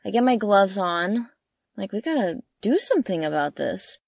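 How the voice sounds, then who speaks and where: A young woman casually telling a travel story from inside a camper van, animated and full of fillers, with her voice jumping up when she quotes herself. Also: moderate pace, vocal fry, dry recording, studio quality. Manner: animated, lots of fillers, jumps high when quoting herself. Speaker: travel vlogger.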